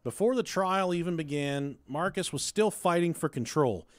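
A man's voice: fairly high pitch, expressive, moderate pace, dry recording. A man co-hosting a podcast, telling a true-crime story in a casual, profane way and laughing along. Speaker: podcast co-host.

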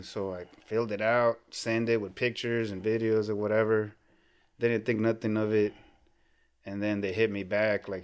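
A man's voice: on the low side, moderate pace. A man in his thirties, a team superfan, telling a story casually in a podcast studio, acting out what people said and calling the host "bro.". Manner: animated, acts out quoted dialogue, says "bro" often.

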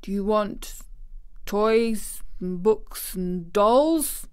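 A woman reading the part of an ill, worried gentleman guardian in a storybook, with a hesitant, absent-minded way of talking. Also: mid-range voice, very slow, clean tone. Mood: gloomy. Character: gloomy ailing gentleman guardian, distracted.

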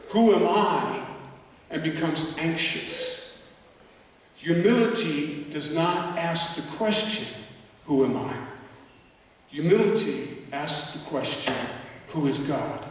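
A man preaching a sermon as a church elder, speaking slowly and deliberately with emphatic repetition. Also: a little high. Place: large church hall. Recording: echoey hall, distant mic.

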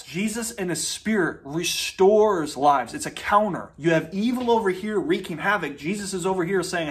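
Emphatic, fairly high-voiced male preacher. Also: animated, normal speed, few pauses. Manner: storytelling, addresses listeners directly, emphatic repetition. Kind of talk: sermon with scripture reading.

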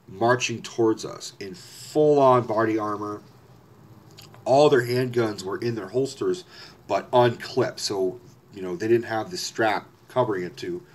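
A man telling a personal story in a casual, rambling way, often correcting himself and swearing. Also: fairly low pitch.

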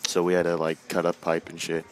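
A man's voice: deep voice, slight background noise. A young man giving casual gameplay commentary, rambling with lots of fillers and swearing. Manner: rambling, filler-heavy and profane. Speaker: gaming channel host.

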